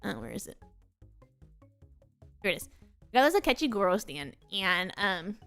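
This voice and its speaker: A young woman chatting on a casual stream, excitable and rambling, with many "like"s. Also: mid-range voice, normal speed, soft background music. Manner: excitable, rambling, heavy use of "like". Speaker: VTuber streamer.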